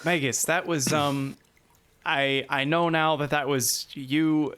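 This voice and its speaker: A man voicing an excitable middle-aged male tinkerer who breathes fire, flustered and boastful. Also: on the high side, slow, smooth. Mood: earnest.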